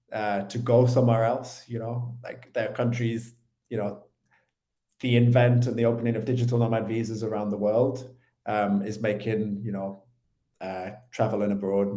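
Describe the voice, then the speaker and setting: A man's voice: fairly low pitch, mellow. A British man in his thirties, an interview guest talking in an easygoing way with many fillers. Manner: easygoing, filler-heavy, hedging. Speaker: interview guest, finance channel creator. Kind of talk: casual interview. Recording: echoey room.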